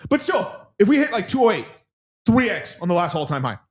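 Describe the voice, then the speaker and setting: A young man with a slightly raised voice riffs on a livestream, rambling and heavily profane. He jumps from joke to hype with restless, excitable energy, talking like he's hanging out with friends. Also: sits high, brisk, slightly rough. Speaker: crypto stream host. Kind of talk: casual livestream chat.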